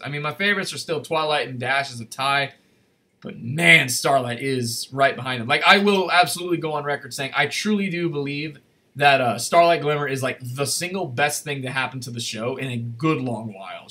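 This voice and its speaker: Chatty male streamer with a bright, tense voice. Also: on the high side. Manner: rambling, chatty, self-correcting. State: slightly losing his voice. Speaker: livestream host. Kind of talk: casual livestream chat. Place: at a desk in a room.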